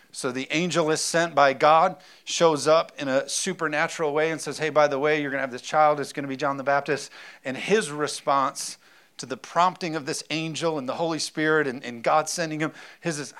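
Pastor preaching in a chatty way. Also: male voice, fairly high pitch, normal speed, a bit bright. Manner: conversational preaching with acted-out asides. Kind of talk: sermon.

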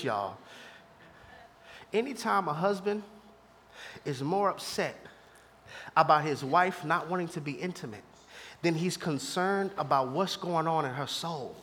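A man preaching a sermon to a live church congregation, moving from hushed asides to shouted peaks and laughing along with the crowd. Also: on the high side, a little hiss or hum. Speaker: pastor.

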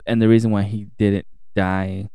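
A man's voice: lowish voice, level tone, moderate pace, gravelly, warm tone, clear, resonant tone, no room sound. A man co-hosting a podcast in casual chat, ranting animatedly and swearing freely. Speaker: podcast co-host. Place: home podcast setup.

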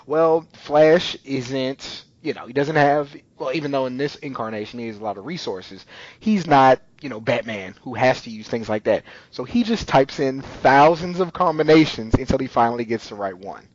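A man co-hosting a podcast, casually recapping a TV episode in a rambling way with many pauses and restarts. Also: mid-range voice, dull audio. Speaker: podcast co-host.

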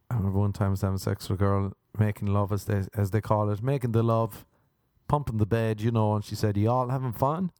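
Young irish guy rambling crude jokes, mellow low-ish voice, dry close sound. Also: no echo. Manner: rambling, self-mocking, jumps into mock voices. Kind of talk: crude comic monologue.

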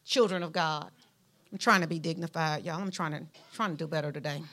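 A woman with a Southern Alabama drawl preaching a sermon, folksy and emphatic, talking straight to her congregation. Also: fairly quick. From Mount Vernon, Alabama, US. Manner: animated preaching with a lively pitch, rising to emphatic peaks; folksy, speaks directly to the congregation.

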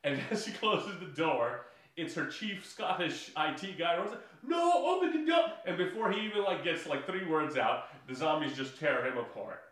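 A man's voice: a little high, lively intonation, normal speed, a bit bright, recorded from a distance. A man recapping a movie in casual podcast chat, rambling with many fillers and laughing often. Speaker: podcast co-host. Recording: echoey room, voice off-mic.

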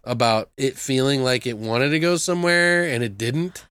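Bright-voiced man telling a racy story. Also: moderate pace, clean tone, no echo. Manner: animated storyteller, swears freely, acts out quotes in high voices. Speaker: podcast host reviewing a film. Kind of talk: casual chat.

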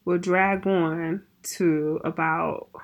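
A woman's voice: on the low side, fairly even intonation, drawn-out words, highs cut off. A woman co-hosting a podcast in casual chat, laughing often and asking her co-host questions.

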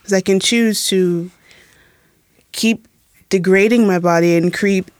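Earnest young woman, mid-pitched and dry. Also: steady tone, takes it slowly, darkish tone, no echo. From Tacoma, United States. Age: young adult. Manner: earnest, searching, asks herself questions. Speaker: alumna guest. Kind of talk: reflective roundtable conversation.

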